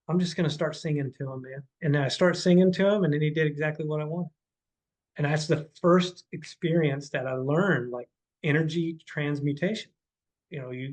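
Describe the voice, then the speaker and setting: A man's voice: a little high, a little mellow, rough recording. A man on a podcast, a horse trainer and life coach, talking casually and rambling, often restarting and dropping in "man" and "dude". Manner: rambling, repeats words, says "man" and "dude".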